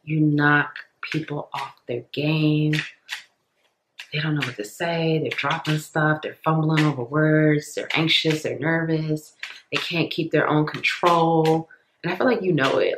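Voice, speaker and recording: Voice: mid-range voice, steady tone, measured pace, noisy background. Chatty tarot reader in an echoey room. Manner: rambling, filler-heavy, repeats itself; stumbles over words. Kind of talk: casual tarot reading to viewers.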